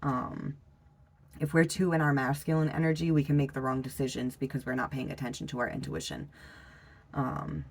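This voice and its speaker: Gravelly, easygoing tarot reader. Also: mid-range voice, flat delivery. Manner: loose and unhurried, frequent fillers and trailing pauses; blunt, with the odd swear word. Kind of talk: casual tarot reading.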